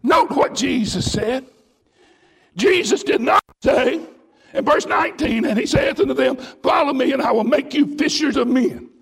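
A man preaching, his voice pitched very high and husky. He swings from quiet storytelling into loud shouted bursts, the way a revival sermon builds. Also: normal speed.

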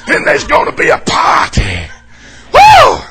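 A man preaching a fervent, folksy sermon in a church, shouting and whooping as he jokes with the congregation. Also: extremely high pitch, lively intonation, normal speed, soft background music. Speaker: pastor.

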